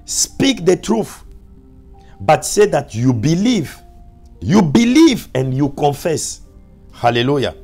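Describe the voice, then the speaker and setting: A male pastor preaching a sermon, repeating his points with emphasis and dropping to soft, low asides. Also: very animated, takes it slowly, pauses often, faint music behind.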